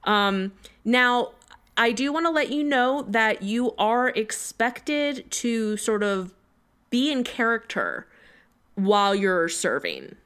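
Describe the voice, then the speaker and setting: Woman, improv manager, smooth resonant voice, chatty, hesitant. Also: on the high side, sing-song, slow pace, a bit bright. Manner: chatty, hesitant, full of ums and likes. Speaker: restaurant manager in an improv scene. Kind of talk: improvised comedy.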